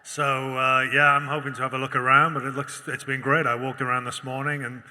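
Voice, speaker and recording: British male actor on a panel, mid-pitched, bright and forceful, thoughtful and rambling, long hall reverb. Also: level tone, brisk. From United Kingdom. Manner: thoughtful and rambling, with many restarts. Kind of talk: convention panel Q&A. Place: large convention auditorium.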